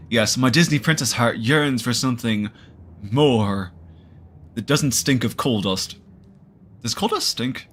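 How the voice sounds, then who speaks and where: A man's voice: mid-range voice, measured pace, pauses often, a bit bright, slight background noise. A man streaming a horror visual novel, reading the narration aloud and adding jokey asides.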